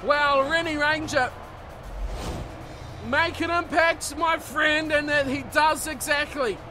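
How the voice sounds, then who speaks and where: A very high-voiced man calls rugby play-by-play for a video game. He shouts as the big plays unfold and calms down to sum them up. Loud music plays underneath his commentary. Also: slow pace. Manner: surges into shouting on big plays, calmer in analysis.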